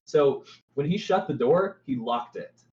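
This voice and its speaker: A man narrating as game master in a relaxed, descriptive way, stopping now and then to correct himself. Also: fairly high pitch, a little slow, echoey room, lo-fi sound.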